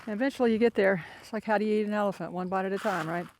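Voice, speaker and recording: Here's a self-deprecating, rambling older man from Florida, vlogging on a foggy mountain hike. His voice sits high and he talks very fast. The clip comes from a handheld phone camera outdoors, with faint noise behind him.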